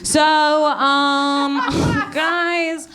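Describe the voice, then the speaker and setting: Over a noisy background, a young woman speaks extremely slowly in a high-sitting voice during a live stand-up set at a comedy venue. Her rambling, self-mocking story is packed with swearing and laughter, and she sounds a little out of breath.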